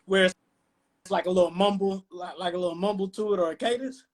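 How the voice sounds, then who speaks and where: A man's voice: high-pitched, fairly even intonation, quick pace. Laid-back man hosting hip-hop talk. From Detroit, USA. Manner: laid-back, explanatory, frequent "you know what I'm saying". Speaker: podcast host.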